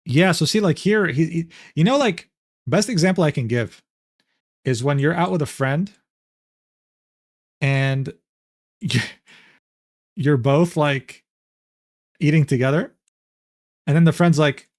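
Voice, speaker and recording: A man's voice: on the high side, slow, pauses often, a little mellow, no room sound, studio quality. A young man streaming live, reacting to a document in loose, rambling commentary full of slang fillers. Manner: rambling, filler-heavy slang with "bro" and "dude".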